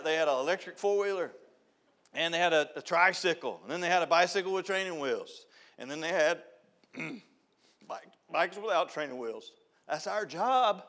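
A man's voice: fairly high pitch, a bit bright. Folksy older man preaching a church talk. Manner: folksy, storytelling, repeats phrases. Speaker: youth director.

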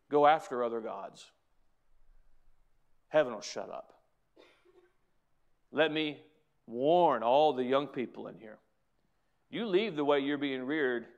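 A man's voice: medium pitch, clean tone, muffled recording. A man, preaching a sermon as pastor, reading scripture and building to fervent repeated appeals. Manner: preaching with rising fervor and repeated phrases.

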